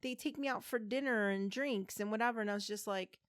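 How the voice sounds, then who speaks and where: Podcast co-host, woman in her forties, middle pitch, lively storyteller who does voices and swears, dry close mic. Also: a little fast, smooth, dry recording. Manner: animated storyteller, acting out quoted voices, swearing freely. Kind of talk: casual chat, storytelling.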